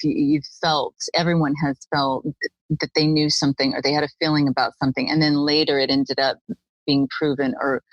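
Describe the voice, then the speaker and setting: A woman's voice: sits low, fairly bright tone, no room sound, rough recording. A woman co-hosting a podcast, reacting with gasps and laughter and musing aloud. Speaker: podcast co-host. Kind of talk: casual chat.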